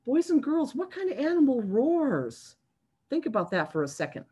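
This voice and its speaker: A female librarian with a high-sitting, slightly rough voice reads a picture book to young kids on a video call at a moderate pace. Her animated, sing-song reading is punctuated by questions for the children.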